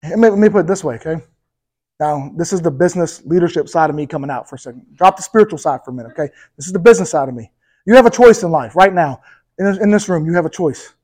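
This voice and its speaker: A male pastor preaching a sermon with energetic emphasis, speaking straight to the congregation and often checking in with "okay?" and "right?". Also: fairly high pitch, fast talker, low-quality recording. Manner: addresses the congregation directly, with repeated "okay?" and "right?".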